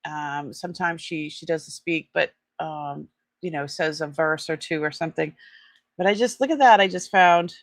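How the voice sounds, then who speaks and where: A middle-aged woman chatting casually during an online jewelry sale, trailing off with fillers and switching to high cooing baby talk with her pet. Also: moderate pace, no room sound. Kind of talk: casual live-sale chat.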